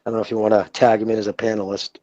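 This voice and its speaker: Very fast and level, this Boston-accented caller to a podcast talks in a lowish, darkish voice, swearing freely and dishing blunt insider gossip in casual conversation. There's no room sound, but the audio is muffled.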